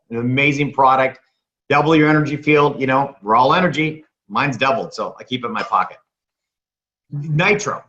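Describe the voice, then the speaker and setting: A man delivers an energetic sales pitch at a middling pitch, hammering home the same claims again and again. He poses questions and answers them himself. The recording sounds dull and lo-fi. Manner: emphatic, repeats claims, asks and answers rhetorical questions. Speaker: presenter at a sales meeting.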